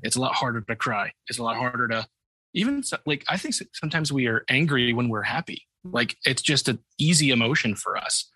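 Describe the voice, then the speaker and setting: Man, host, husky, bright voice, dry close sound, affirming, emphatic. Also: medium pitch, lively intonation, a little fast, dry recording. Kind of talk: casual conversation.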